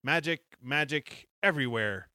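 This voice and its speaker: A man's voice: medium pitch, lively intonation, moderate pace, sharp tone, dry recording, clean studio sound. A man reading as a skittish hungry griffin. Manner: nervous, squawking, skittish. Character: nervous, hungry male griffin.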